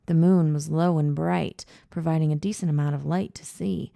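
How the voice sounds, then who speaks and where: A woman reading first-person audiobook narration in a measured, low-key way. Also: steady tone, creaky, mellow, no echo, clean studio sound.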